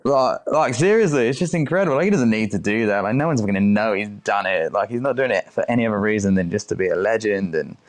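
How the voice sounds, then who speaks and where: A man's voice: on the low side, fast talker, few pauses. A man in his thirties, a chef who is a guest on a podcast, talking casually, swearing easily and acting out what others said. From United Kingdom. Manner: chatty, swears casually, acts out quoted speech. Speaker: chef and restaurant owner, guest. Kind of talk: casual interview chat.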